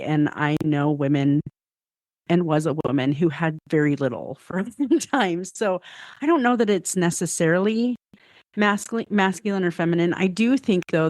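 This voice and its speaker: This middle-aged woman speaks in a deep, darkish voice with no echo. She's a podcast guest telling stories and reflecting in casual conversation, often hedging what she says.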